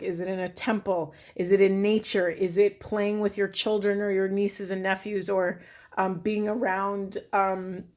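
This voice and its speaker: A woman giving a spiritual tarot reading to camera, thinking aloud in a reflective, earnest way with many fillers. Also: mid-range voice. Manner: earnest, pleading with viewers. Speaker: tarot reader.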